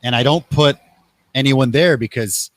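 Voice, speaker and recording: A young man hosts a casual chat, telling stories with lively energy and jumping into higher voices to act out what people said. His voice sits at an everyday pitch and sounds close and dry, with little room echo. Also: normal speed. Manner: animated, acts out quotes in raised voices. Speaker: podcast host. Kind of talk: casual conversational storytelling.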